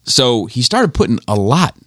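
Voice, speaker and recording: A man's voice: medium pitch, big pitch swings, normal speed, no echo, studio quality. A man co-hosting a podcast, telling a long, profane story in casual chat, full of ums and you-knows. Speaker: podcast co-host.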